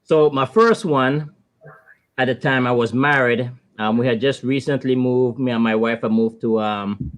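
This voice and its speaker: A man in his thirties from the Virgin Islands, with a mid-range voice and Caribbean accent, tells a laid-back but animated story as a guest on a casual panel.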